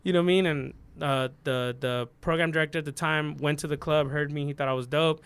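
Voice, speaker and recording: A man's voice: on the high side, fairly even intonation, a little fast, a bit bright, smooth. A man in his thirties, a DJ guest on a podcast, telling his story in an earnest, rambling way full of "like" and "you know what I mean.". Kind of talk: casual storytelling interview.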